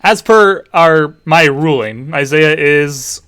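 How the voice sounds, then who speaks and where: A man's voice: a little high, slow pace, fairly bright tone, clear, resonant tone, dry recording. A man, a teacher hosting a party game stream for students, chatting casually with dry offhand asides as he sets up rounds. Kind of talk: casual livestream chat.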